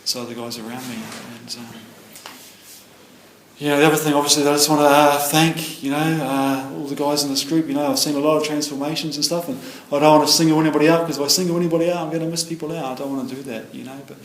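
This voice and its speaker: A man's voice: a little high, steady tone, fast. A middle-aged man giving a rambling, earnest personal share at a recovery meeting, leaning on "you know" throughout. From New Zealand. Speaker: AA meeting speaker. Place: meeting room. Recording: roomy meeting hall with faint ambience.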